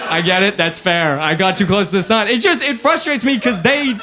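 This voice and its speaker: A man's voice: high-pitched, a little fast, bright, forceful tone. A young man in his twenties doing stand-up comedy on stage before a live audience, rambling and profane.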